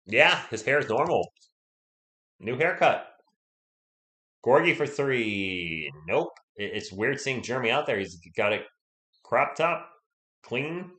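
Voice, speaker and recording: A man's voice: lowish voice, sharp tone. A man with a sore throat and a cough, hosting a casual live play-by-play stream and chatting with viewers between plays.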